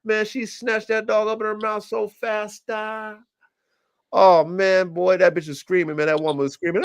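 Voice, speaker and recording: A man's voice: high voice, normal speed, smooth. A man hosting a casual livestream podcast, telling rambling, profane stories with lots of energy. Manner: profane, rambling, animated storytelling. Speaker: podcast host.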